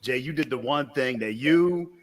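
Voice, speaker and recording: A man hosting a wrestling interview show, chatting casually and excitedly hyping up his guest. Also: mid-range voice, moderate pace, a crowd in the background. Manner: enthusiastic, repeats words, hypes the guest.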